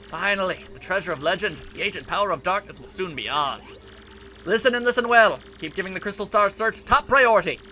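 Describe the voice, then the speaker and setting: A man plays a grandiose villain leader from a video game, gloating over his plans for the world. The voice sits high and bright, with pompous, wide swings in pitch. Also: expressive, brisk, slight background noise. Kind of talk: let's play voice acting.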